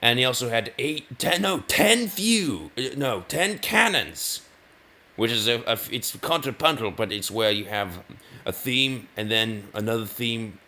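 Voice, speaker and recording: A man's voice: medium pitch, lively intonation, measured pace, sharp tone. A man giving rambling commentary over gameplay, often correcting himself mid-sentence. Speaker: gaming video host.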